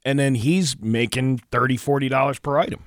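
A man with a mid-pitched voice, co-hosting a morning radio show. He chats casually, makes skeptical asides and reads news items on air. The sound is dry and close. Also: brisk, no room sound.

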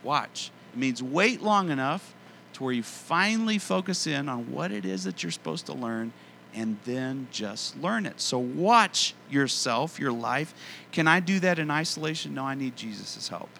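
A man delivers a sermon in a bright, forward voice, earnest and conversational, drawing out the phrases he wants to land. His pitch sits in an ordinary middle range. A faint hiss of noise runs under the recording. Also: lively intonation, creaky. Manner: earnest, conversational preaching with emphatic slowed phrases. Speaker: pastor.

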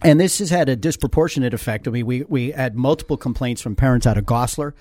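A man's voice: medium pitch, quick pace, dark tone, dry recording. A man hosting a casual radio interview show from a studio, teasing his guest and reading sponsor copy.

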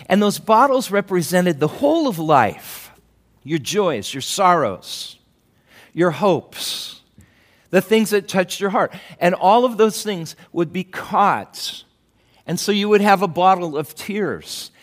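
A man delivers a sermon at an unhurried, deliberate pace. His voice sits a little high for a man, and he talks to the congregation like a friend, breaking off for asides and soft laughs. When he quotes, he acts the words out with a lifted voice. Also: animated. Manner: slow, conversational preaching with asides and chuckles. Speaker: pastor.

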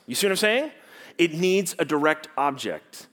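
A man with a fairly high voice preaches a sermon as pastor at a moderate pace. He's animated and teacherly, posing rhetorical questions to the congregation and dropping from loud emphasis to quiet stresses.

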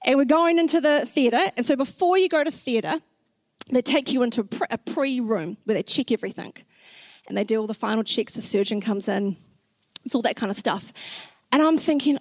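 A young woman sharing a personal faith story in a chatty, expressive way, with many "like" fillers and acted-out reactions. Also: fairly high pitch, brisk, no echo. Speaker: speaker sharing a faith testimony.

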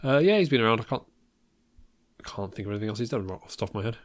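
A man's voice: on the low side, animated, racing, no echo. An English man co-hosting a film podcast in casual chat, dry and joking, often stumbling over restarts. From England. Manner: stammering restarts, dry humour, frequent laughs. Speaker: podcast co-host.

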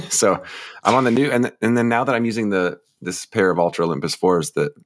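A man's voice: on the low side, fairly quick. A man co-hosting a podcast, rambling in a self-deprecating way and laughing easily. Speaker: podcast co-host. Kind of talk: casual chat.

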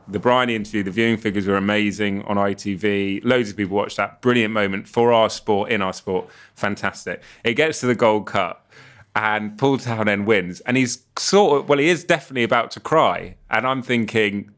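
A man's voice: on the low side, brisk, fairly bright tone. A man, a racing presenter, telling long self-mocking stories in casual chat and laughing often.

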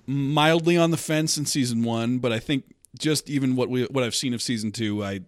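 A young man co-hosting a casual podcast, telling stories in an animated way and slipping into mocking impressions. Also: mid-range voice, normal speed, no room sound, clean studio sound. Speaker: podcast co-host. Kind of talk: casual chat.

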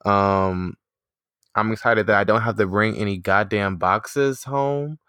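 A woman's voice: a bass voice, unhurried, a bit bright, clear, resonant tone, dry recording. A woman in her twenties, a teacher co-hosting a podcast, chatting casually and laughing often.

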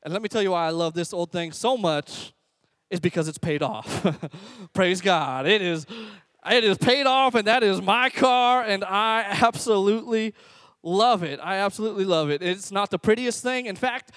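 High-voiced energetic preacher man. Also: brisk, no room sound. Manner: energetic, exhorting, call-and-response with the congregation. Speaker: youth pastor. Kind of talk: sermon. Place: church service before a congregation.

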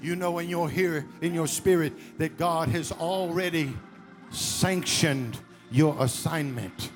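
A man preaches a fervent sermon in a slightly high voice, calling his congregation to repeat after him. Loud music plays behind his voice. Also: slow. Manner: emphatic preaching with call-and-response. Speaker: pastor.

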